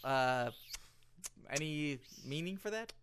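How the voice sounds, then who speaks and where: A man co-hosting a comedy podcast, playing a faux-serious interviewer with a deadpan delivery and many hesitant fillers. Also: on the high side, takes it slowly, a little hiss or hum. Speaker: podcast co-host. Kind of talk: comedic mock interview and banter.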